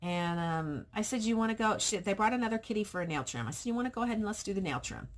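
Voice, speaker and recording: A woman vlogger who works as a pet groomer, retelling a customer encounter in a casual, animated way and acting out both sides of the conversation. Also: mid-range voice, fast. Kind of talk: casual storytelling vlog.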